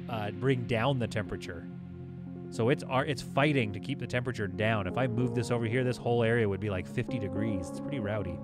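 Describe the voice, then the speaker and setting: Over the game's background music, a gaming YouTuber with a medium-pitched voice laughs a lot while giving chatty, excitable let's-play commentary on a space game.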